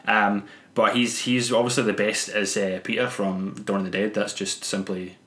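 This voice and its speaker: A man's voice: lowish voice, flat delivery, normal speed, fairly bright tone, reverberant. A young man co-hosting a podcast, chatting casually about films, rambling and restarting his sentences and swearing freely. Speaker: podcast co-host. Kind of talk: casual film discussion.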